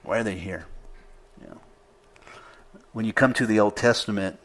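A man's voice: on the low side, moderate pace, fairly bright tone. A male pastor preaching a sermon in an easygoing conversational way, reading scripture aloud with rising emphasis.

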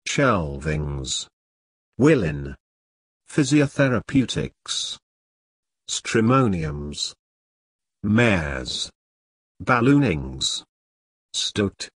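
A man reads a vocabulary list one word at a time, leaving a pause after each. His voice is low and husky, and his pitch moves freely between words. The delivery is very slow and the sound is dry and close. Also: fairly bright tone, no echo. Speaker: vocabulary reader. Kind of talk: reading a word list aloud.

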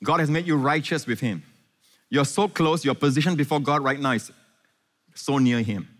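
A man preaching a sermon as pastor, animated, often asking the congregation questions and calling for amens. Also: fairly high pitch, normal speed, big-room sound.

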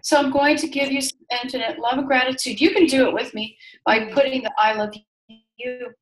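A woman healer leading a guided healing session, speaking slowly and soothingly, repeating phrases. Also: sits high, fairly even intonation, poor audio. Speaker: energy healer.

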